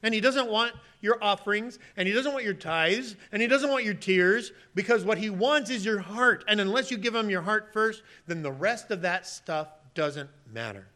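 A male pastor preaches in a high, bright voice. He tells stories with animated energy and breaks into loud, pleading acted-out lines before dropping back to a soft, confiding tone. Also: normal speed, few pauses. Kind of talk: sermon.

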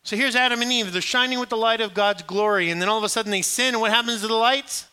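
A middle-aged male pastor preaching a sermon, joking and storytelling with sudden hushed asides. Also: sits high, quick pace, clean tone.

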